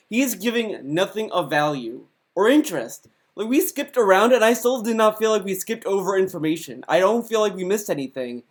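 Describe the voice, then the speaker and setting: A man comments casually on a video he is watching and does not hold back his criticism. His voice sits fairly high and his talk is loose and exasperated, with the occasional curse word. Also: animated, fairly quick, few pauses. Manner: blunt, exasperated critique with profanity.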